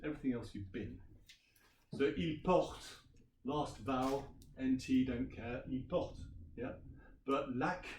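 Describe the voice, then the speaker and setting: A man's voice: medium pitch, a little hiss or hum. A man, a language teacher giving a chatty workshop presentation and quizzing his audience. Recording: roomy sound from a distant mic.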